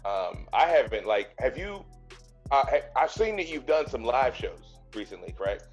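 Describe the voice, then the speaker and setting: A man hosting a podcast, chatting in a relaxed way with a friend and cracking dry jokes. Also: mid-range voice, moderate pace, faint music behind. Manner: laid-back, dry jokes. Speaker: podcast host and comedian. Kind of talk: casual podcast chat.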